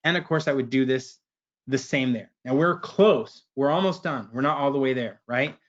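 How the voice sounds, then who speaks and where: A man presenting a webinar, walking through a software screen share in a casual way and tagging his sentences with "right?". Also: mid-range voice, normal speed, highs cut off. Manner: casual, keeps asking "right?".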